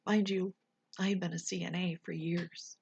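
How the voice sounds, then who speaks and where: A woman tells a personal story, her voice hushed and often sinking into a breathy whisper. The tone is deeply husky with a rough, gravelly edge. The sound is dry and close. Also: flat delivery, moderate pace, no echo, muffled recording. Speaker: vlogger sharing a personal story.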